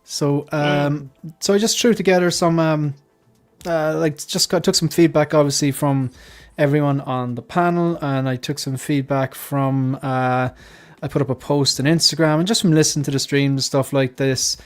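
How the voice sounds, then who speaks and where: A man's voice: on the high side, fairly even intonation, moderate pace, faint music behind. Chatty man with a rambling delivery. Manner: rambling storyteller, many restarts. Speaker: livestream host. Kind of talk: casual panel chat.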